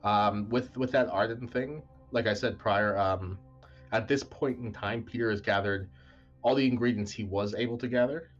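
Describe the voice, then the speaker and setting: A man's voice: on the low side, moderate pace, lo-fi sound, faint music behind. A man narrating a tabletop game as game master in a casual, filler-heavy way.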